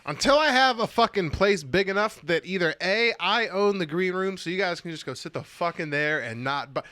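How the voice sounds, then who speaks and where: A man's voice: high-pitched, brisk, dry recording. A man co-hosting a casual podcast, swearing and telling stories about his family at a comedy show. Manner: swearing, storytelling, animated quoted voices. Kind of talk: casual chat.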